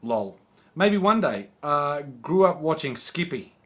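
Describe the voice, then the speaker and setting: A man's voice: a little high, big pitch swings, slow, fairly bright tone. A man with an Australian accent, co-hosting a casual golf chat, reading out viewer questions and teasing his friend. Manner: joking, teasing banter.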